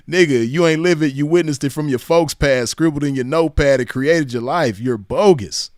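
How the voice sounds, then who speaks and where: A man's voice: fairly high pitch, normal speed, darkish tone, no echo, studio quality. A man from Los Angeles County with a Southern California accent, hosting casual reaction commentary in a mocking tone and laughing often. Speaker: commentary host reacting to clips.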